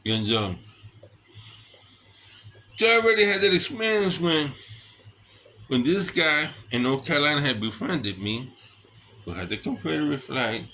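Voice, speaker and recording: A man telling a rambling personal story in a casual, animated way and acting out other people's lines, outdoors at night with crickets behind him. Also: on the high side, a little slow, pauses often, a little hiss or hum.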